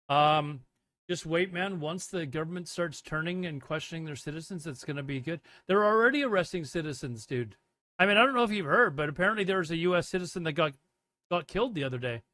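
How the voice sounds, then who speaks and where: This livestream host is a man with a slightly high, sharp-toned voice who rambles casually, reading chat messages aloud and replying to them. The recording is dry.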